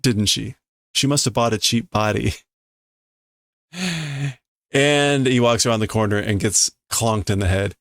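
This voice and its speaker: A man streaming a casual read-through of a comic, translating line by line in a halting, self-correcting way and chuckling often. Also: on the low side, no echo. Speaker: streamer reading manga to learn a language.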